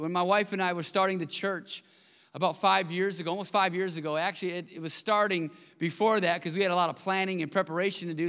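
Guy preaching in a big echoey church, high bright voice, chatty storytelling style. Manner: conversational, animated storytelling with acted quotes. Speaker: pastor. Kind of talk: sermon. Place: church sanctuary. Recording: long hall reverb.

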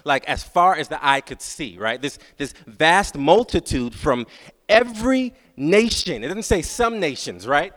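A man delivering a sermon as a guest speaker, repeating his phrases and checking in with the crowd by asking "right?", slowing down when reciting prayer. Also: on the high side, sing-song, fairly bright tone. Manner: slow, drawn-out prayer recitation. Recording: long hall reverb.

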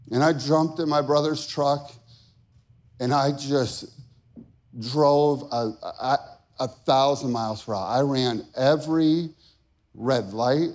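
A man preaching, telling a personal story with strong emotion that builds from quiet talk to shouted peaks. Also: medium pitch. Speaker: pastor.

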